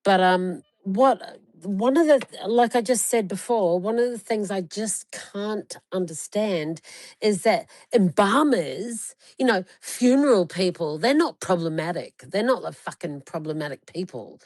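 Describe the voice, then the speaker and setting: A woman's voice: medium pitch, expressive, measured pace, darkish tone, no echo. A woman in her forties, talking in a casual chat, telling stories emphatically and swearing heavily. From Australia. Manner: heavily profane, emphatic storytelling.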